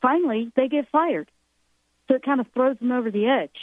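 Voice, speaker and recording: A woman's voice: high-pitched, brisk, no room sound. A woman speaks in an earnest, rambling way about the soul and fear. She comes through a thin, phone-like line. The sound is dry and close. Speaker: spiritual guest speaker. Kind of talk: radio call-in show talk.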